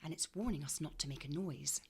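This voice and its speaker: A woman voicing a sensible, watchful older sister in a read-aloud storybook, speaking in urgent, hushed tones. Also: low voice, a little fast, husky, heavily acted.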